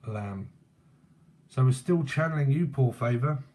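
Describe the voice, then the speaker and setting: A man's voice: mid-range voice, animated, unhurried, darkish tone. A man as a tarot reader channeling spirits, musing aloud in a loose, casual way with frequent chuckles. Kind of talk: psychic channeling session.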